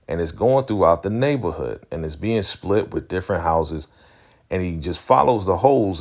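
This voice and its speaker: A man casually recapping a TV episode, animated, loosely acting out the characters' lines and laughing often. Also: low-pitched, gravelly. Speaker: recap vlogger.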